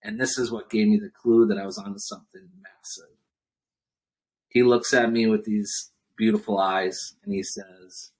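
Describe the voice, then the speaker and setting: This entrepreneur guest on a podcast has a fairly low voice and talks at normal speed. Telling a business story in interview chat, he animatedly performs the quotes of others.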